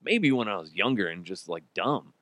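A man's voice: on the low side, normal speed, no echo, studio quality. A man hosting a comedy podcast alone, swearing freely and laughing often as he rants. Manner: profane, animated, laughs often. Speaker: podcast host. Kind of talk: comedic solo commentary.

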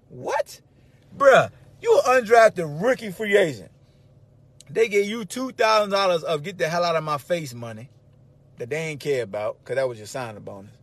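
Male podcast host, slightly high voice, loud animated slangy monologue with shouted emphasis. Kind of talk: casual sports talk monologue.

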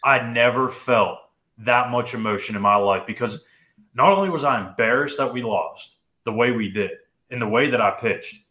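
A young man co-hosting a podcast, telling a personal story in casual chat, animated and full of "dude" and "like". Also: medium pitch, moderate pace, reverberant. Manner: animated, says "dude" and "like" often. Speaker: podcast co-host.

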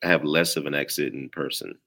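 A man's voice: a bass voice, fairly even intonation, fairly quick, bright, forceful tone. A man with a Southern country accent, chatting casually as a podcast guest in a laid-back, rambling way full of "you know.". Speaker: former player, podcast guest. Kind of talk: casual chat.

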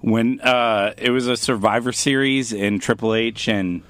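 A man's voice: medium pitch, steady tone, measured pace, a bit bright. A man co-hosting a wrestling podcast, chatting casually with wry jokes and the odd curse. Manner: wry, dry jokes with swearing. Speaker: podcast co-host. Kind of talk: casual chat.

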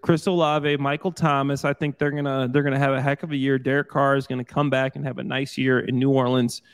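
A man's voice: medium pitch, flat delivery, smooth. A man who used to play pro football, eagerly giving his betting picks as a panelist on a sports talk show. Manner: enthusiastic, rapid picks. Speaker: former football player, panelist.

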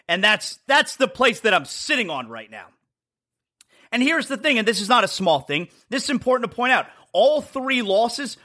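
This sports talk host has a high-pitched, bright voice with a forceful edge. He delivers a blunt, emphatic rant that keeps circling back to the same points, taking mocking jabs at opposing teams.

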